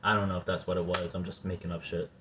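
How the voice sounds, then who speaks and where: A man in casual rambling talk as a movie reviewer, animated, swearing often and trailing off with fillers. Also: low-pitched, quick pace, noisy background.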